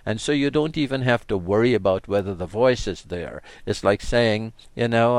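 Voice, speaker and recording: A man in a reflective spiritual chat, talking in a slow, musing way and often dropping his voice to a quiet tone. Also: lowish voice, dry recording. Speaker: co-host.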